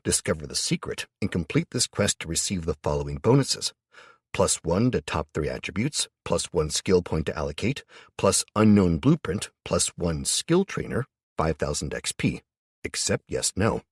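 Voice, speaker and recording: A man's voice: deep voice, big pitch swings, normal speed, slightly rough, no echo, studio quality, full character voice. A man voicing a formal, impersonal game system announcer in an audiobook. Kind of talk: audiobook character voice.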